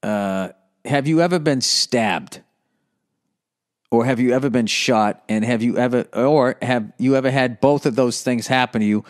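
A man's voice: medium pitch, moderate pace. Male comic host, solo monologue, swears freely, rambles, restarts often. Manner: profane, rambling, lots of fillers and restarts. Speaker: comedian podcast host.

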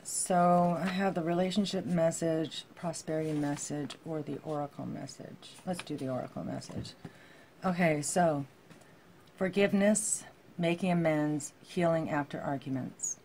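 A woman giving a heartfelt tarot reading to her viewers, reading card texts aloud and musing softly with many fillers. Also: low voice, fairly even intonation, unhurried, a little hiss or hum. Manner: soft-spoken, heartfelt, with frequent fillers. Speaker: tarot reader.

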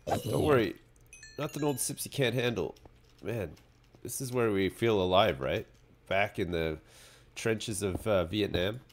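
A man's voice: lowish voice, measured pace, pauses often. A man streaming live gameplay, commenting in a sarcastic way and swearing freely as he plays. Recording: faint background noise.

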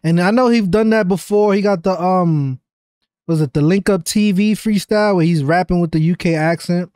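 A man's voice: high voice, a little mellow, no room sound, clean studio sound. A man hosting a music reaction, talking in casual slangy commentary and cheering the verse on. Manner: hyped, rapid slangy cheering. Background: rap track playing faintly.

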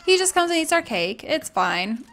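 A woman's voice: high voice, very animated, measured pace, fairly bright tone. A young woman giving casual, bubbly let's-play commentary, gushing and chatting with her viewers and characters. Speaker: gaming YouTuber.

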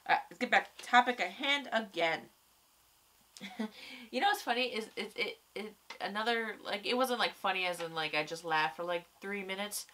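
A young woman in casual chat, reviewing a TV episode, rambling and excitable, swearing a lot, tired and stuffy-nosed from crying. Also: mid-range voice, normal speed.

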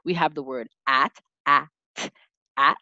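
A woman teaching a lesson, sounding out letters and syllables slowly and clearly as an instructor. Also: extremely low pitch, fairly even intonation, bright, forceful tone, no room sound, dull audio. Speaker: teacher and test-prep instructor.

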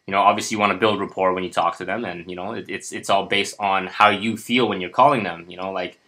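A man's voice: low voice, steady tone, quick pace, pushed and bright. A man casually walking viewers through a personal finance spreadsheet, chatty and upbeat, with many fillers and restarts. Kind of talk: casual screen-share tutorial.

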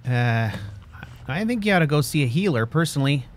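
Animated, jokey man role-playing a game. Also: a little high, a little fast, slight background noise. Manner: jokey, chatty, talks to his dog companion. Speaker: role-play gamer. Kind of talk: in-character game role play.

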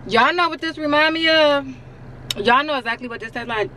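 Talking to her vlog audience from her car and later from home, this young woman keeps things chatty and casual, addressing everyone as "y'all." Her voice is high and brisk. The handheld camera mic picks up background noise.

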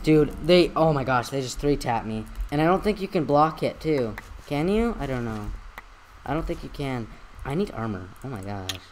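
Excitable gamer, voice strained, pitch leaping around, trash-talks while playing solo, faint noise behind. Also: normal speed, rough recording. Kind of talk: solo gameplay commentary.

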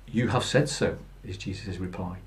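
A man's voice: low voice, moderate pace. Earnest man preaching a sermon. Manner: earnest, plain storytelling with fillers and restarts. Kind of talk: Good Friday sermon. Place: church.

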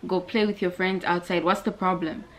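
A woman's voice: lowish voice, fairly even intonation, normal speed, lightly acted. Strict aunt, firm and no-nonsense, scolding a child, as a woman puts her on. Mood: stern.

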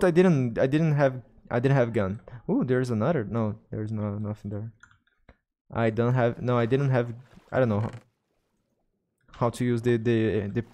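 Streaming a game, a man with a Brazilian Portuguese accent chats with viewers in English, frequently repeating and restarting his words. His voice sits in the mid-range with a dark tone.

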